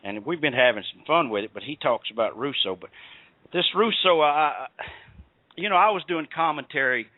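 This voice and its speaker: A man's voice: on the high side, lively intonation, a little fast, dry recording. A man with a Southern US accent hosting a radio show, telling rambling stories with lots of fillers. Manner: rambling, storytelling with many fillers. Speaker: podcast host. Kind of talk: casual radio chat. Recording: dry tinny phone-quality line.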